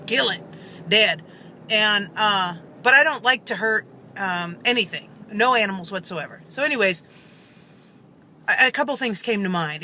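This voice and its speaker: A woman's voice: a little high, sharp tone, slight background noise, low-quality recording. A woman vlogger earnestly telling a story to camera, rambling with many fillers and restarts, seated in a car.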